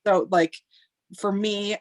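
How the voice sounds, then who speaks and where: A woman stage actor telling wry, animated stories in a casual interview. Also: medium pitch, slow, dry recording.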